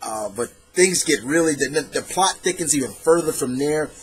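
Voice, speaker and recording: A man's voice: a little high, moderate pace, breathy edge, soft background music. A young man talking casually on his own about comic books, rambling and correcting himself as he goes. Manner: rambling, animated, self-correcting. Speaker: comic book reviewer. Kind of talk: casual solo review talk.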